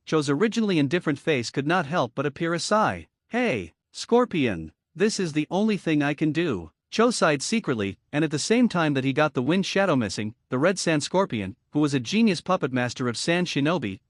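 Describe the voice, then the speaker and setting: Male narrator for anime recaps, fairly high, lively delivery, dry close sound. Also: no room sound.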